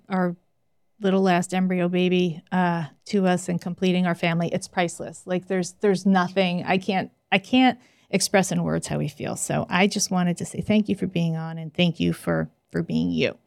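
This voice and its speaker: A woman hosting a podcast, chatting casually and telling stories with lively acted-out quotes. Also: on the low side, vocal fry, clean tone, no room sound, studio quality. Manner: animated storytelling, acts out quoted voices. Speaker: podcast host. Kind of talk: casual chat.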